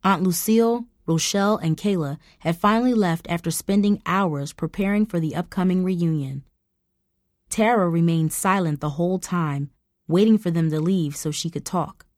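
A woman's voice: fairly low pitch, normal speed, darkish tone, no echo. Woman narrating a story in a dry voice.

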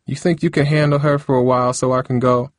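Man doing a weary young woman, busy aunt, brisk, higher voice, dry sound. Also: steady tone, dry recording, lightly acted. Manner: raised pitch, tired and brisk. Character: weary young aunt, hair stylist, caring for baby.

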